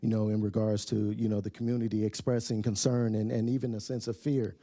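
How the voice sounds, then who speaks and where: Dark, hesitant man at a council podium. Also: lowish voice, level tone, fairly quick, no room sound. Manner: hesitant, full of fillers and restarts, often trailing off softly. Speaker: public commenter. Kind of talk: public comment speech. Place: city council meeting chamber.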